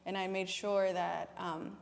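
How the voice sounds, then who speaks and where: Flat-toned woman with a Mexican accent. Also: lowish voice, a little slow, creaky, big-room sound. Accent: Mexican Spanish. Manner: reflective, hesitant, with restarts. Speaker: panelist. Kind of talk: panel discussion.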